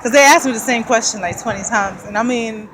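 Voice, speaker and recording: This casual walking vlog features a woman with a slightly high voice talking fairly quickly, breathless and rambling with frequent little laughs. She films on a handheld camera along a city street, where passing traffic and street ambience are constant.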